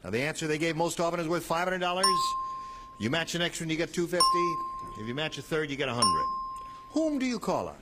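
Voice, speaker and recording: A man's voice: on the high side, sing-song, quick pace. A man hosting a television game show, bantering and joking with contestants and panelists in a 1970s studio. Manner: jokey, bantering. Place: 1970s TV studio with live audience. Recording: old TV broadcast, loud audience and music.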